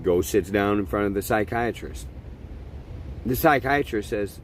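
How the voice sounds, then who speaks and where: A man's voice: lowish voice, measured pace, slight background noise. A middle-aged man hosting a podcast, delivering a blunt, profane opinion monologue in a ranting manner. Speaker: podcast host.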